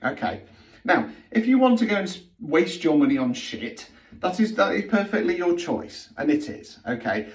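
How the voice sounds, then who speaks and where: Very animated and a little high-pitched, this middle-aged man delivers his spiritual healing monologue at normal speed, bluntly, with plenty of swearing and repeated "okay?"s. He's off-mic and the audio sounds roomy.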